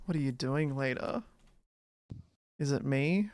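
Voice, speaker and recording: A woman's voice: extremely low pitch, lively intonation, measured pace, darkish tone, no room sound, clean studio sound. A woman streamer chatting in a playful, teasing and goofy way during a live stream on a desk mic. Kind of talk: casual live-stream chat.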